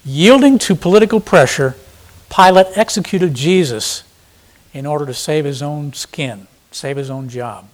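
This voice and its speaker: A man delivers an expository sermon, reading a passage and then explaining it in blunt, everyday words. He acts out the quoted speakers with sudden bursts of volume. His voice sits a little higher than most men's. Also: a little slow. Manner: reads scripture then explains in plain, blunt paraphrase; dramatic, acting out quoted speakers with sudden loud emphasis. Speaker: preacher.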